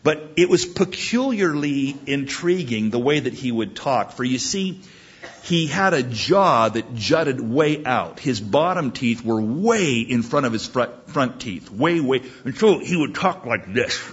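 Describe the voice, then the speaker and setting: A man's voice: medium pitch, expressive, unhurried, husky, dull audio. A male pastor preaching a sermon, telling a story with emphatic delivery.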